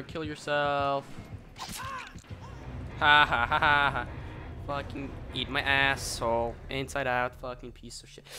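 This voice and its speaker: A man giving live commentary on his own game, excitable and profane, swinging between mutters and sudden shouts. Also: mid-range voice, a little hiss or hum.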